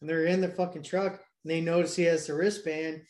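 A man's voice: a little high, flat delivery, a little fast, darkish tone. A man from Georgia co-hosting a casual chat, recapping a movie in a rambling, profane way. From Georgia, USA.

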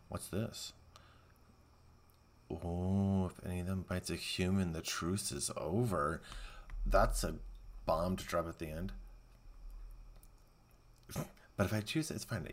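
A podcast host talks through a movie in casual, excitable bursts, full of sarcastic asides. His voice sits very low. It carries a rough, gravelly fry. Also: moderate pace, pauses often. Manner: excitable, sarcastic running reactions. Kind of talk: casual movie-watching commentary.

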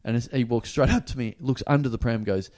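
A man who is a podcast co-host and a father, telling a casual comic story with lively, swearing delivery. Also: medium pitch, quick pace. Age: adult, father of a young child. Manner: animated, swears freely, acts out the people in his story.

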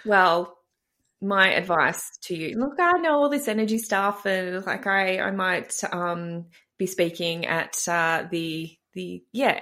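A woman business coach rants on a casual podcast. She gives forceful tough love and swears freely. Her pitch is middling for a woman.

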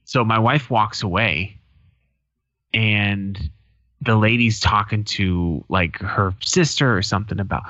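Bright-toned man telling stories casually. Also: fairly low pitch, normal speed, no room sound. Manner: profane storytelling, acts out quoted people. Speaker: podcast co-host. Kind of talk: casual chat. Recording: dull lo-fi sound.

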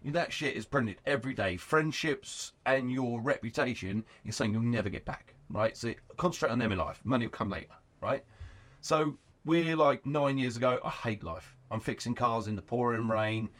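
A man in his thirties, a garage owner, telling his story in an animated, profane, casual way and acting out the voices of people he quotes. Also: medium pitch, normal speed.

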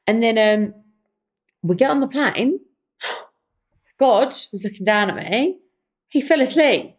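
A young woman, hosting her own podcast and telling a story in a casual, animated way, often calling her listeners "guys". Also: a little high, takes it slowly. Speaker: podcast host. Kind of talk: casual chatty monologue.

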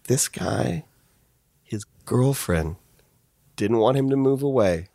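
Brief: male podcast host, crude and animated storyteller, mid pitch with big swings, dry sound. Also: slow pace, creaky, no room sound. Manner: loose, crude, swearing, animated. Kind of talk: profane comic storytelling.

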